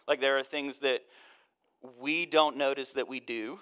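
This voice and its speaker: Man, pastor, conversational sermon, casual, joking, medium pitch, soft hushed moments. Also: steady tone, measured pace, smooth. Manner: casual, joking, often drops to a soft hush.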